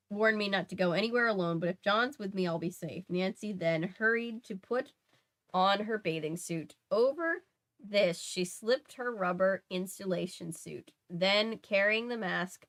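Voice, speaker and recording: Hosting a relaxed read-aloud stream, a young woman works through a mystery novel, pausing for chatty remarks and correcting herself when she stumbles. She speaks at medium pitch in a fairly bright tone.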